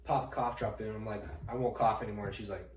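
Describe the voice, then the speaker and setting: A man's voice: on the low side, fast talker. A young man co-hosting a podcast, swearing and acting out quotes as he tells a school story in casual chat. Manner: lively, profane, acts out quotes. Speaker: podcast co-host. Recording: echoey room, distant mic, clear noise.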